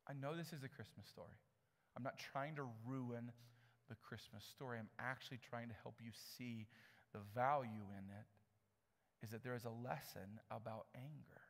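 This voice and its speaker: A man's voice: mid-range voice, moderate pace, big-room sound. A male pastor preaching a sermon in a conversational way, often repeating words as he builds his point, in a church.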